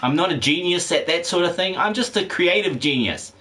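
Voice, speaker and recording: Streaming a game and reading out chat, this man sounds condescending as he rambles in a relaxed way, cursing freely and laughing a lot. His voice is high, bright, and forceful, with lively intonation and a fairly quick pace.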